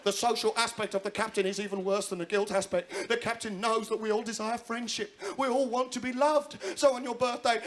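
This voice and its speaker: High-voiced ranting comedian. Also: male voice, creaky. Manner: fast, ranting, animated. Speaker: stand-up comedian. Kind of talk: stand-up comedy routine. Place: TV studio stage. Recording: live TV studio with loud audience.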